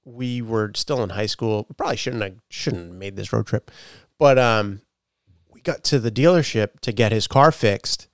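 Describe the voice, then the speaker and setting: A man's voice: fairly low pitch, moderate pace, no room sound, clean studio sound. A young man with a Boston-area accent from Massachusetts, chatting casually and profanely over beers as a podcast co-host. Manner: animated, profane, laughing storyteller.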